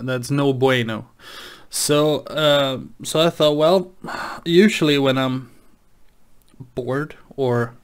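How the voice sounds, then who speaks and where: A male vlog host chats in a slow, unhurried way, stumbling and restarting his sentences. His voice sits at an ordinary middle pitch, and he keeps the tone casual and low-key. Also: clear, resonant tone. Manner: rambling, hesitant, with many restarts. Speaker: gaming channel host. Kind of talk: casual late-night vlog chat.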